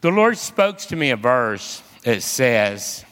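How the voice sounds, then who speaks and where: Male preacher, bright tone, slow deliberate delivery, long hall reverb, animated storyteller. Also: medium pitch, clear, resonant tone. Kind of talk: sermon with personal storytelling.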